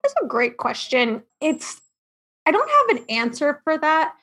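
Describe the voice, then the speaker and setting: A woman in her thirties, a marketing firm founder, telling her career story in an upbeat, lively way as a podcast interview guest. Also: high voice. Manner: upbeat storytelling, quick asides and laughs. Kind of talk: interview answers.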